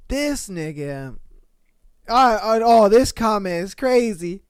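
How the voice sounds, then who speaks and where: Slangy, animated podcast host reading comments; clean, dry close-mic sound. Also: medium pitch, clean tone, dry recording. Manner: animated and slangy, laughs and swears often. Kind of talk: casual chat, reading comments aloud.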